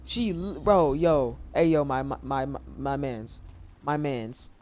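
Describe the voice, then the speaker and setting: Excitable man shouting slangy game reactions. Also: mid-range voice, slow pace. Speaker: gamer playing a story game. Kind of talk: casual let's-play commentary.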